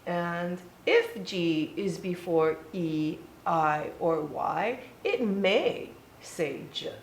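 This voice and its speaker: A woman leads a student through spelling rules, asking questions and praising answers. Her voice is a bit low and her pace unhurried. The sound is roomy, with faint background noise. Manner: slow, encouraging, questioning. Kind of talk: one-on-one reading lesson. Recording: echoey room with faint noise.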